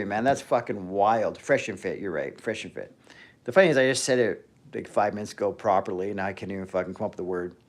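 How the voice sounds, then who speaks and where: Profane rambling man with lively pitch. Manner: profane, rambling, trailing off mid-sentence. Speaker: fitness livestream host. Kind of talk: casual livestream rant.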